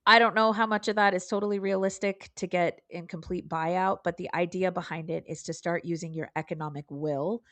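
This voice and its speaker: A woman's voice: on the low side, steady tone, brisk, few pauses, fairly bright tone, dry recording. A woman co-hosting a podcast, talking earnestly and emphatically in casual political discussion. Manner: earnest, emphatic, pleading at times. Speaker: podcast co-host.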